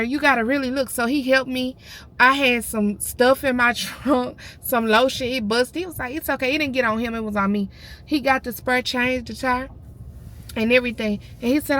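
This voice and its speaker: A woman's voice: fairly high pitch, fairly bright tone. A woman, close to tears, telling her viewers a story in a casual, emotional vlog. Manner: tearful, addresses viewers as y'all. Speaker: vlogger.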